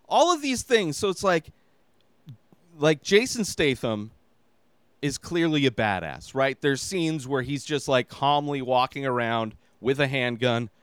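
A man's voice: mid-range voice, a bit bright, clean tone, no echo. Exasperated rambling man reviewing a film. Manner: rambling and exasperated, heavy use of filler "like". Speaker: podcast host. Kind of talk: casual movie review monologue.

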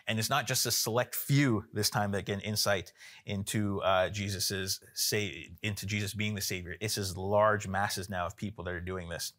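A man preaching a sermon in a relaxed, conversational way, with frequent fillers and restarts. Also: lowish voice, moderate pace.

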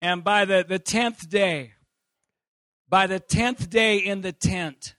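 A man preaching a sermon, telling a story in an animated way with frequent laughter and sudden shouted outbursts. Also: high-pitched, takes it slowly, dry recording, studio quality. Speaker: pastor.

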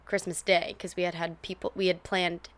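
A woman's voice: fairly low pitch, little pitch movement, moderate pace, a bit bright, no echo. A young woman co-hosting a podcast, reminiscing with her partner, laughing often and swearing casually. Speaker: podcast co-host.

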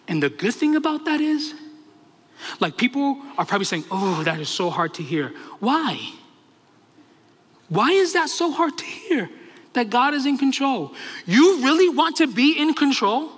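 A man's voice: very high-pitched, expressive, a bit bright, in a large hall. A pastor preaching a sermon with passion, firing off rhetorical questions to his congregation. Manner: impassioned, asks rapid rhetorical questions.

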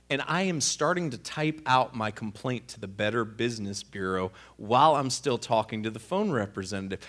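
A man telling a personal story in an animated, sarcastic, exasperated way. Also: medium pitch, normal speed, hardly any pauses. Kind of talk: conversational storytelling.

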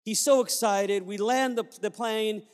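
Brief: male pastor from Puerto Rico, animated sermon storyteller, high-ish voice, reverberant sanctuary. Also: unhurried, clean tone. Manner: animated storyteller, acting out dialogue. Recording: long hall reverb.

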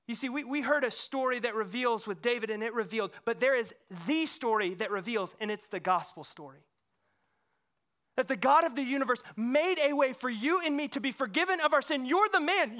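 A male pastor delivers a sermon in a church sanctuary with a high, ringing, bright voice. He swings between fervent, loud exclamations and soft, hushed passages. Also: expressive, normal speed.

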